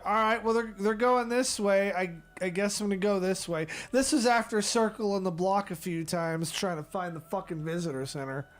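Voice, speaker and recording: High-voiced man ranting a profane story. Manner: profane, animated, exasperated storyteller. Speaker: streamer.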